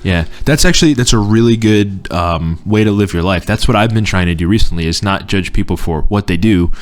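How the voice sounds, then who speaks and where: A man's voice: on the low side, brisk. A man hosting a casual podcast chat, mostly backing up his guest with short agreeing replies. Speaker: podcast host.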